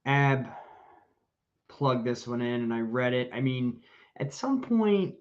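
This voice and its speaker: A man's voice: medium pitch, very animated, slow, dull audio. A man co-hosting a live podcast in casual chat, blunt and profane, rambling with lots of fillers over a video call. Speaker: podcast co-host.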